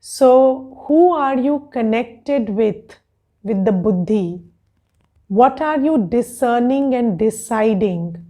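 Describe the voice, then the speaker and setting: A woman with an Indian English accent giving a spiritual class, slow and questioning, often checking in with "yes?". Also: fairly high pitch, expressive, mellow. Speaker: spiritual teacher.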